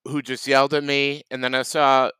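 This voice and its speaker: Deadpan man, smooth dry voice. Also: medium pitch, normal speed, no echo. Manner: deadpan, playing a food vendor. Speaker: comedy podcast host. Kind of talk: improvised comedy sketch.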